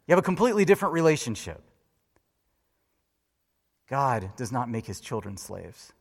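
A man preaching a sermon, telling a story and swinging between loud lively peaks and hushed low lines. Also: normal speed, gravelly, big-room sound.

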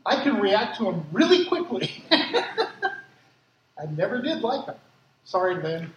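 A man who grew up in Africa, preaching a sermon with lively personal stories and acted-out quotes, as a pastor. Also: high voice, takes it slowly, slight background noise. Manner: lively storytelling, acts out quotes. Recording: echoey hall from far off, faint ambience.

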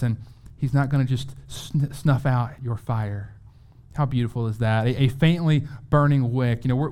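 A man preaching a sermon in an earnest, conversational way, often restarting his words and slowing down to read scripture aloud. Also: medium pitch, a little mellow. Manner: reads scripture aloud slowly. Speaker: pastor.

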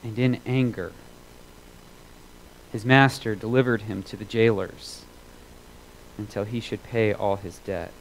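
A man preaching a sermon as a pastor, earnest and emphatic, repeating phrases for weight and moving between loud and hushed delivery. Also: on the low side, steady tone, a little slow, pauses often, a little hiss or hum, rough recording.

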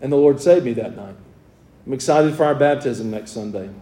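Fervent preacher in a roomy church. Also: male voice, mid-range voice, brisk, warm tone. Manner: fervent preaching that shifts to friendly talk with the congregation. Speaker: pastor. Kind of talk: sermon. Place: church sanctuary.

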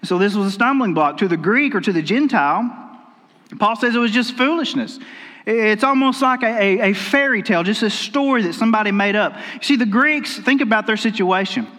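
A man preaches a sermon in a folksy, storytelling way, often circling back to restart his sentences. His voice sits high for a man. It rings with the long reverb of a church hall. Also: animated, a little fast, pushed and bright. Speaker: pastor. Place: church sanctuary.

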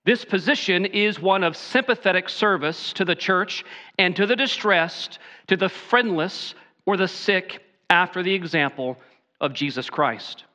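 A man preaching a sermon as pastor, slowing down to stress key phrases. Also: high-pitched, pushed and bright.

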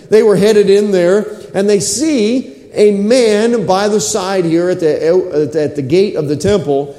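A man preaching a sermon, telling a scripture story with lively acted-out quotes. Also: high voice, echoey room, big-room sound.

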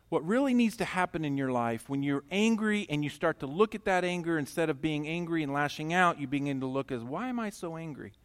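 A middle-aged pastor with a slightly high male voice preaches a sermon built around a personal story. His delivery moves between loud, emphatic sections and quiet, intimate ones.

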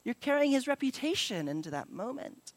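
A man's voice: very high voice, big pitch swings, a little fast, dry recording. A young adult male pastor preaching a sermon in a casual, conversational way, with many fillers and restarts.

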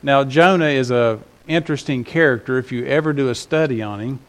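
A man's voice: medium pitch, a little fast. A man preaching a Sunday sermon to his congregation, conversational and rising in emphasis on key points. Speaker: pastor.

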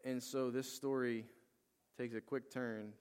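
A man delivers a sermon in a storytelling way. He acts out the characters' words with bursts of energy and a mid-pitched voice. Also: level tone, a little slow, a little mellow, smooth. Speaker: pastor.

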